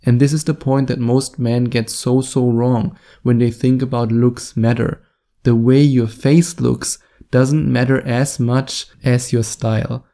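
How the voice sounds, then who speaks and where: Brief: German-accented male podcast host, dark gravelly voice, jokey and emphatic. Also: mid-range voice, little pitch movement, unhurried. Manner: jokey, self-deprecating, emphatic. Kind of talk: casual solo podcast monologue.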